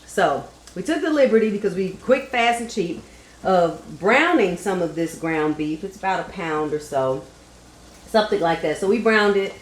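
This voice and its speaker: A woman with a fairly low, expressive voice, speaking at normal speed, hosts a casual home cooking demonstration. She chats straight to viewers at the stove, in an echoey kitchen with frying sizzling.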